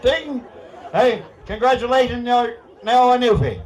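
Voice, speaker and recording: A man's voice: very high-pitched, animated, unhurried, some chatter behind, a little hiss or hum. A man with a Newfoundland accent, leading a ceremony with teasing, folksy banter and frequent laughter. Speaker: master of ceremonies at a screech-in.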